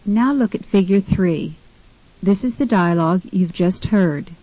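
A woman narrating a scripted language lesson, giving clear, measured instructions. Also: mid-range voice, lively intonation, warm tone, no room sound, muffled recording.

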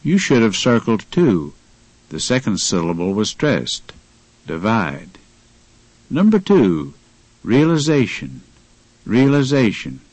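A man reads out a language-lab pronunciation lesson, stretching each word with careful, deliberate enunciation. His voice sits fairly low but swings through a wide, lively pitch range. The recording is dry and close. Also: no room sound, low-quality recording. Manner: slow, deliberate enunciation for repetition drills. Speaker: language course narrator. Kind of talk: scripted language-lab instruction.

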